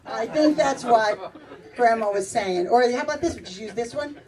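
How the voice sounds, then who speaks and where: A woman's voice: on the high side, moderate pace. A middle-aged woman doing a stand-up comedy set, brash and chatty, laughing through her punchlines. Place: comedy club stage with audience. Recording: distant club recording with crowd laughter.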